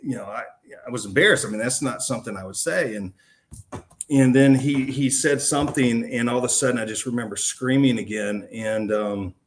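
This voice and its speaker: A man's voice: medium pitch, fairly quick, slight background noise. A man, a podcast guest, recounting a personal story in a casual, slangy way. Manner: casual and slangy, calling the host man and dude.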